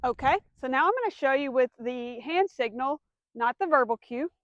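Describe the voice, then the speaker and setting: High-pitched lady dog trainer, walks you thru commands, dry slightly dull audio. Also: expressive, normal speed, no room sound. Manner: clear step-by-step explaining, firm commands to a dog. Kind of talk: instructional demonstration.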